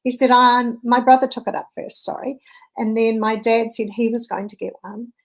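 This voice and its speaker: Gravelly-voiced woman mindset coach. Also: on the high side, little pitch movement, moderate pace, rough recording. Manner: earnest storytelling, conversational. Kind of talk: motivational talk with personal story.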